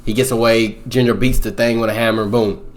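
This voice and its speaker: A young man casually recapping a movie plot in a rambling, slangy way, peppering it with "boom" and "bro". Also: flat delivery, brisk. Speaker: movie reviewer.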